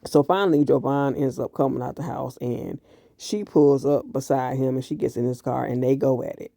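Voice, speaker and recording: A man recapping a TV series episode in casual, animated commentary, blunt and full of profanity. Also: medium pitch, moderate pace, gravelly, no echo, clean studio sound. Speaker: TV show reviewer.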